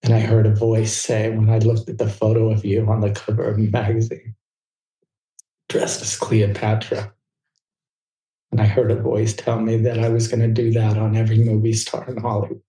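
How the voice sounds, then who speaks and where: A man recounts his past in a casual interview, words tumbling out with quick restarts. His voice is mellow and level in pitch. The recording carries a roomy echo. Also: monotone. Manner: fast, tumbling anecdotes with restarts. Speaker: guest.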